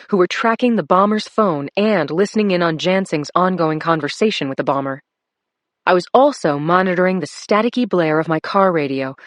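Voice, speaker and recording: Woman, audiobook narrator, low voice, dry close sound, steady and measured. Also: no echo. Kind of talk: scripted first-person thriller narration.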